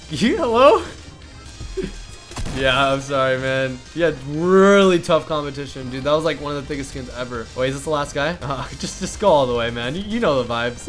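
A young man hosting a game show event, talking over gameplay with bursts of shouting and laughter. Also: on the high side. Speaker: gaming YouTuber hosting a fashion show. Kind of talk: excited gameplay commentary.

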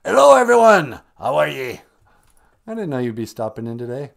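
A man's voice: medium pitch, very animated, normal speed, vocal fry. A man putting on a jolly great spirit with an Irish brogue. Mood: hearty, fatherly. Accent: put-on Irish. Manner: hearty, fatherly, chummy.

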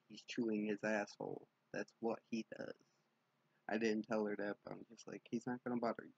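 Young guy rambling at 4am, husky gravelly voice, dry room, kinda sweary. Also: mid-range voice, darkish tone, dry recording, muffled recording. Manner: rambling storytelling with frequent likes and swearing. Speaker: vlogger. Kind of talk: casual late-night vlog. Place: dark room at home.

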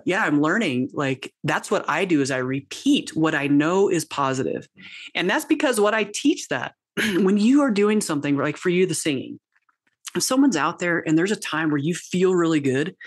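A woman's voice: low voice, no echo, clean studio sound. A woman in her fifties, a coach talking as a podcast guest in a rambling, self-deprecating way with lots of restarts. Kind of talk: casual interview chat.

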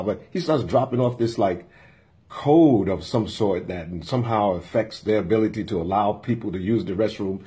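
A man telling an animated story as an interview guest, often laughing and acting out both sides of the exchange. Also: lowish voice, normal speed, husky. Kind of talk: animated anecdote in a casual interview.

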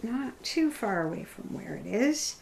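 A woman's voice: on the high side, sing-song, measured pace, creaky, darkish tone, a little hiss or hum. A woman teaching a young children's music class, playful, singing with a banjo and making animal sounds.

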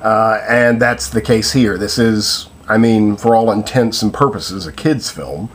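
A man with a fairly low voice talks through a casual film review. He hesitates often, restarting sentences and filling gaps with "uh" and "um". A faint hiss of noise sits under his voice. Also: measured pace. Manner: hesitant, many fillers and restarts.

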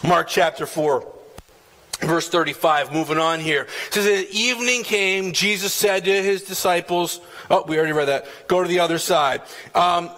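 A man's voice: high-pitched, steady tone, normal speed, bright, forceful tone. A man preaching a sermon as pastor, emphatic, dropping in "man" and acting out quotes from scripture. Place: church sanctuary.

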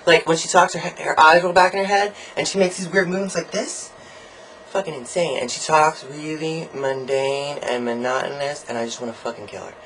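A young man recording a casual video diary, ranting about college in a campy, sarcastic and profane way, swinging his pitch and volume up and down as he jokes. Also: a bit bright, a little hiss or hum, poor audio. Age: young adult. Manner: sarcastic, jokey asides. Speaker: college student vlogger.

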